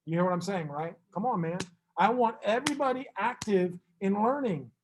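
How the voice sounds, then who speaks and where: Brisk high-voiced male math teacher. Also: slight background noise. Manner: brisk, teasing, fusses at students then reassures. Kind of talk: classroom teaching.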